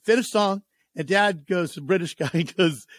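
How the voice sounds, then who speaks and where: A man's voice: high-pitched, normal speed, no room sound, clean studio sound. A man hosting a sports radio show, chatting casually and telling stories with playful, joking energy. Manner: jokey, playful storyteller. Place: radio studio.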